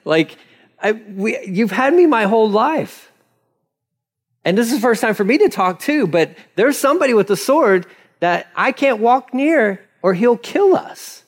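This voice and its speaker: A man voicing a bewildered talking donkey, high and pleading. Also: very animated, measured pace, full character voice.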